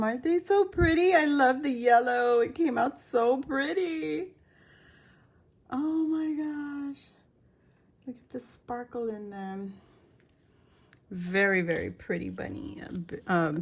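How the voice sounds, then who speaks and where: A woman's voice: medium pitch, a little hiss or hum. A woman vlogger gushing over a craft haul in casual chat, a bit out of breath and laughing often.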